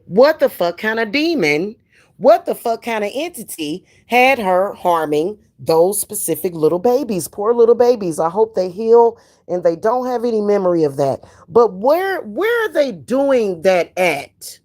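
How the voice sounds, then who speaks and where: An older woman, ranting in a profane, animated, emphatic monologue as a spiritual practitioner. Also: medium pitch, a little slow.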